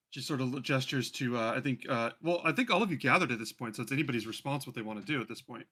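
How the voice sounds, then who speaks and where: Bright-voiced man running a tabletop game. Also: mid-range voice, fast talker, hardly any pauses. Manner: relaxed, many ums and uhs. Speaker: game master.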